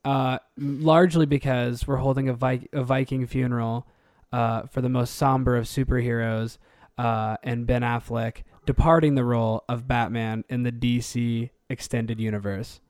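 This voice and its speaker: A man co-hosting a podcast in casual chat, animated and rambling, laughing often. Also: medium pitch, moderate pace, no echo, studio quality. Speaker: podcast co-host.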